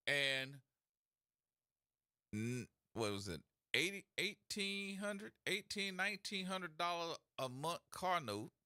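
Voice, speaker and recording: A man hosting a call-in radio talk show, telling stories in a folksy, animated way. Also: on the high side, no echo, clean studio sound. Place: radio studio. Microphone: studio mic.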